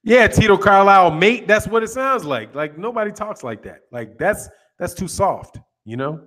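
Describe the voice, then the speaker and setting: A man's voice: high-pitched, lively intonation, normal speed, a bit bright. Joking man on a live stream. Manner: laid-back, joking, reads out chat comments. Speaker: boxing channel host. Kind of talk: casual live stream chat with viewers.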